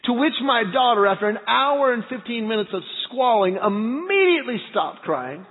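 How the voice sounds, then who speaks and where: A man's voice: very high-pitched, big pitch swings, moderate pace. A man in his thirties preaching a sermon, a pastor animatedly acting out stories about his family. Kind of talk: sermon with personal storytelling. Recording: phone-like sound with long hall reverb.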